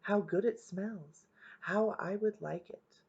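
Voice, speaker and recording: Give me a cunning flattering fox, read by a woman, husky and slow, on a muffled recording. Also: medium pitch, heavily acted. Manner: sweet, slow, coaxing. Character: sly flattering male fox. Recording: dull lo-fi recording.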